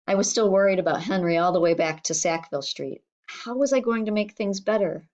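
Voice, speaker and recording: A woman's voice: medium pitch, a little fast, darkish tone, highs cut off. Woman reading a children's novel aloud. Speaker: audiobook reader.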